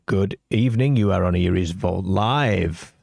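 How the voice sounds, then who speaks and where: Low gravelly guy hosting late-night call-in radio, slow and steady, dry close sound. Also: dry recording. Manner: slow, measured, with many fillers. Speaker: host of a call-in show.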